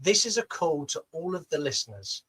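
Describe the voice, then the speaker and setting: A man's voice: a little high, big pitch swings, fairly quick, fairly bright tone, husky, rough recording. A man with a Southern British accent co-hosting a podcast, teasing and playfully pushy in casual banter. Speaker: podcast co-host.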